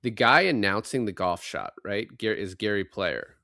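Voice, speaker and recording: Man, podcast host, low voice, dry close sound, excitable, profane, casual movie chat. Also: moderate pace, gravelly, no echo. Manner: excitable, profane, recounting scenes.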